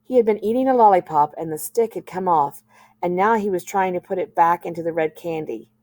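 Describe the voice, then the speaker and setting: A woman school librarian reading a novel aloud with steady, gentle storytelling. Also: fairly low pitch, fairly quick, no room sound.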